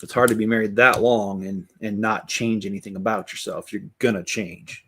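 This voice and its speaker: This middle-aged man's voice is lowish and husky yet a bit bright, steady in tone at a moderate pace. As a Lego builder hosting his channel, he chats candidly mid-build, rambling with frequent restarts and asides.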